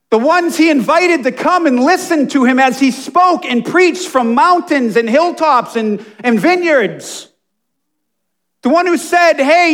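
Guy with a really high voice preaching, fired up, goes quiet then loud. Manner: passionate, swings from hushed asides to emphatic near-shouting. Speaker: pastor. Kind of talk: sermon.

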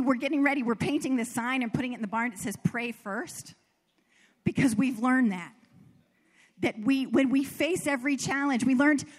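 A woman's voice: high voice, in a large hall. A woman from the American South preaching a sermon, telling personal stories in an earnest way and laughing at herself.

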